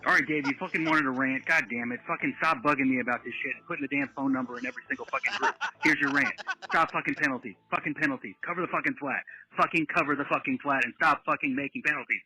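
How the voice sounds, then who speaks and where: A man's voice: mid-range voice, rapid-fire, bright, forceful tone, husky, poor audio. A man leaving an angry, profane ranting voicemail to a podcast. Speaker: caller.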